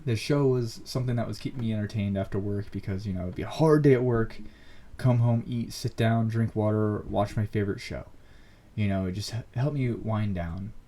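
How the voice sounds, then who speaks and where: A man hosting his own podcast, telling a personal story in a casual, earnest and animated way, full of fillers. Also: fairly low pitch, brisk. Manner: earnest, animated, many fillers like "like" and "you know". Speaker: podcast host.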